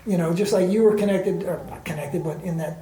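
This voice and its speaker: A man with a high, brisk voice and a dark tone, carrying a faint hiss or hum, is interviewed as a spiritual teacher. He tells stories candidly and colloquially, firing off emphatic rhetorical questions. The room has a noticeable echo.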